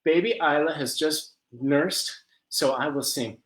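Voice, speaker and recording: A man's voice: fairly high pitch, measured pace, hardly any pauses. A man teaching a live music class for small children from home, singing songs and making animal sounds with a ukulele. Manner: gentle, sings songs and makes animal sounds for young children.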